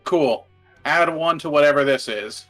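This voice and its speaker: Wry, bright-voiced man at the game table. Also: a little high, measured pace, soft background music. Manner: wry, self-deprecating. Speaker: player.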